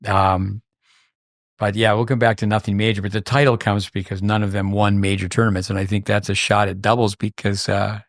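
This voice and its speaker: Man, podcast host, casual chat, rambling with restarts, low voice, dry close sound. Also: level tone, fairly quick, dry recording.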